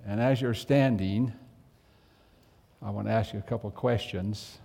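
A man's voice: lowish voice, moderate pace, gravelly, dark tone, husky, big-room sound. A man preaching a sermon as pastor, telling a folksy story and asking the congregation direct questions.

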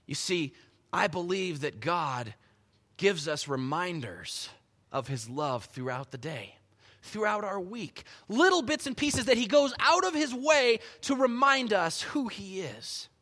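A man preaching a sermon as pastor, telling the story with animated energy and dropping to soft, quiet stretches. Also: high voice, unhurried. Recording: long hall reverb.

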